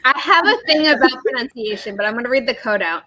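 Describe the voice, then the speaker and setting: A woman's voice: on the high side, animated, fast talker, bright, forceful tone, slight background noise, low-quality recording. A woman hosting a livestream, chatting casually and rambling from one story to the next. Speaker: livestream host. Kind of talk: casual chat.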